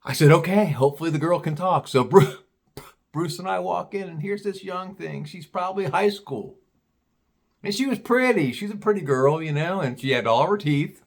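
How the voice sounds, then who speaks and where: A man's voice: high voice, animated, moderate pace, vocal fry. Rambling, profane male storyteller from Ohio. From Cincinnati, Ohio. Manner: rambling, profane, repeats himself. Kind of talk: casual spoken storytelling.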